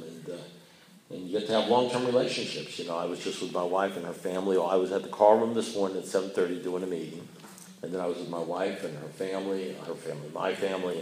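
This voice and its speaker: A man's voice: deep voice, darkish tone, a little hiss or hum. An older man, a blunt and rambling storyteller, telling his story at a recovery meeting with self-mocking humor. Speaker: AA speaker. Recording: echoey room.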